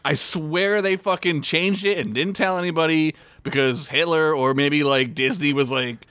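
Excitable, bright-voiced podcast co-host man. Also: fairly high pitch, moderate pace, smooth, dry recording. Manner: excitable, swears freely, laughs often. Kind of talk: casual podcast chat.

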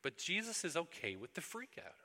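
A man's voice: a little high, huge pitch swings, brisk, bright, forceful tone, big-room sound. A man preaching a sermon earnestly, now and then acting out pleas to God in a raised voice. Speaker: pastor.

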